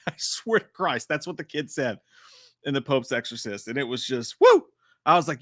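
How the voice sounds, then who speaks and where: Male live-stream host, lively swooping delivery, dry close sound, cusses freely and jokes around. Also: mid-range voice, moderate pace, no room sound. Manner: profane, animated and joking. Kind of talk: casual live-stream chat reacting to horror trailers.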